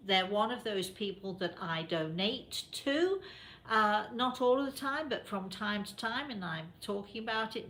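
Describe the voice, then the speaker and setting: A woman's voice: mid-range voice, animated, moderate pace, fairly bright tone, slight background noise. A woman from England with a British accent, hosting a talk show in a chatty way, addressing listeners directly with many fillers. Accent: British English. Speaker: host. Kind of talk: casual radio show talk.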